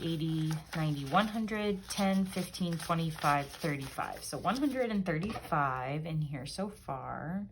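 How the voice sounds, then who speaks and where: Low-voiced woman counting cash aloud. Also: a little hiss or hum. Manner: upbeat, counts bills aloud steadily. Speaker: vlogger. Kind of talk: casual chat while counting cash.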